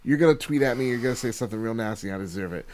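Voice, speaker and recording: A man hosting a casual podcast over a video call, excitable and swearing as he rattles off thank-yous. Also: mid-range voice, racing. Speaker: podcast host.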